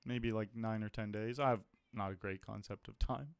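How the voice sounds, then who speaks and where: A man streaming online poker, chatting casually about his hands and results, blunt, self-mocking and quick to swear. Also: fairly low pitch, creaky, clean tone, no echo. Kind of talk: casual live-stream commentary.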